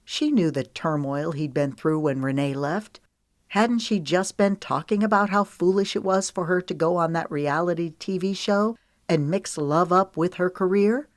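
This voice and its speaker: A woman narrating a romance audiobook in a smooth, measured storytelling manner. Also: lowish voice, dry recording, studio quality.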